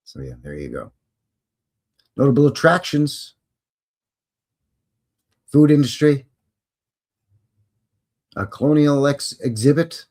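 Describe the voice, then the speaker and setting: A man's voice: mid-range voice, big pitch swings, slow, long pauses, a little mellow. Guy hosting a live history stream, chatty and joking, voice goes up and down a lot. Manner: chatty, joking, rambling asides. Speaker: host.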